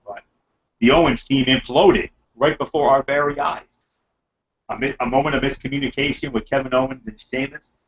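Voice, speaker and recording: Male podcast host, mid-pitch, rambling enthusiastic recap, lots of ums, slightly dull lo-fi sound. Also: fairly bright tone. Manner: rambling, filler-heavy, enthusiastic. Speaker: podcast host reviewing wrestling. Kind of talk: casual wrestling recap chat.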